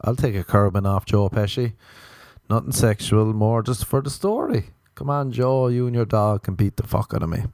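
Man, podcast host, rambling comedic monologue, self-mocking, low voice, dry close sound. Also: expressive, normal speed, a little mellow, dry recording.

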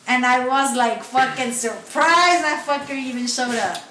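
Woman, profane, bilingual chatter, slightly high voice, echoey distant room sound. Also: measured pace, sharp tone. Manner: profane, mixes English and Spanish. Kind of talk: casual storytelling among friends. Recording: echoey room, off-mic, faint noise.

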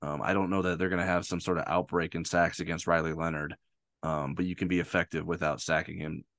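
A man hosting a sports talk show, chatty and hesitant, quick to laugh at himself. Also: deep voice, flat delivery, a bit bright, dry recording, studio quality. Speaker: podcast host.

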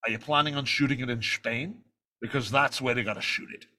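A man's voice: mid-range voice, brisk, pushed and bright. Grand film star, as a man imitates him. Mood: grave. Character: older Scottish film star, deep and grand.

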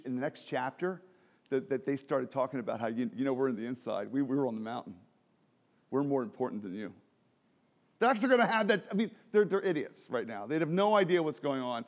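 A man playing an animated pastor delivering a sermon in a church service. He pokes fun at himself, laughs easily and keeps restarting his sentences. His voice sits somewhat high for a man. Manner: animated, self-deprecating, with frequent restarts and laughs. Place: church during a worship service.

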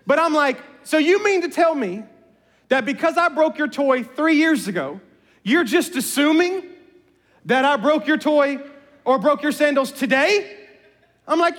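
A middle-aged man preaching a sermon, telling animated personal stories with humor. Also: extremely high pitch, measured pace. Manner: animated storyteller, jokes and voices family members. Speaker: pastor. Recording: reverberant hall.

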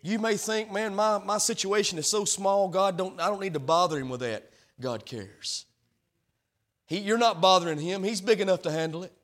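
A male pastor preaching a sermon, swinging from quiet, hushed passages to loud, fervent calls. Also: high-pitched. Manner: preaching with big swings from soft to shouting.

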